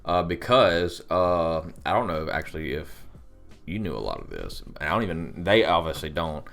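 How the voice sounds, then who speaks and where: A young man co-hosting a casual podcast, his voice very deep yet bright and forward. He tells stories with animated, swooping pitch and laughs easily. Faint music plays behind him. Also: normal speed, vocal fry. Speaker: podcast co-host. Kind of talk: casual chat.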